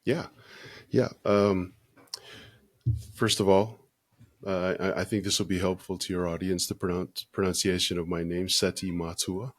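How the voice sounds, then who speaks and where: A man in his fifties from the United States, a podcast guest speaking slowly and thoughtfully with many pauses. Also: low voice, little pitch movement, no echo. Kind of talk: casual interview talk.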